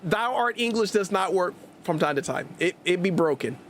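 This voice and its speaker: Male stream host, high and bouncy, hyper and jokey, rambles and restarts. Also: animated, moderate pace, a bit bright, slight background noise. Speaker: gaming livestream host. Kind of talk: casual livestream chat.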